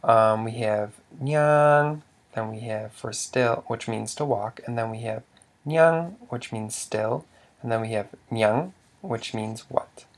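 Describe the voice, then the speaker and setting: A man with a lowish, level voice teaches a language lesson at a measured pace. He slowly explains things, patiently quizzing the listener and sounding out example words.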